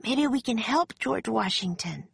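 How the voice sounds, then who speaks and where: Woman putting on a bright, eager little girl, high voice, slow and breathy. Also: animated, dry recording, heavily acted. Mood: whispering. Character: excited young girl, eager and bold.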